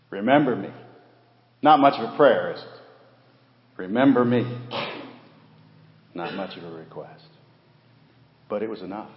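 A pastor preaching a sermon, rising to loud emphasis and asking the congregation rhetorical questions. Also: male voice, lowish voice, slight background noise. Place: church sanctuary. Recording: echoey hall, dull muffled sound.

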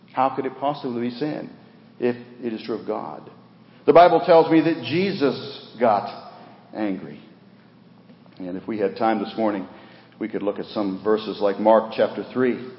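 A man preaching a sermon with earnest emphasis, rising for key points and dropping low, in a church sanctuary. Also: slight background noise. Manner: earnest, rises for emphasis then drops low, repeats words. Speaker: pastor. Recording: dull roomy recording with long reverb.

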